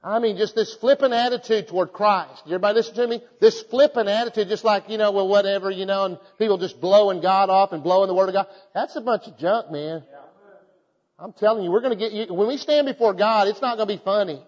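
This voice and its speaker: A pastor preaching a sermon, moving from folksy storytelling into fervent, emphatic exhortation. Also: male voice, sits high, quick pace, big-room sound, muffled recording.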